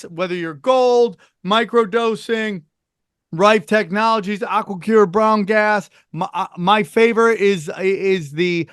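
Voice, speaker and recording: A man hosting a podcast in casual, profane, animated chat, riffing and plugging shows. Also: sits high, smooth, no echo, studio quality. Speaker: podcast host.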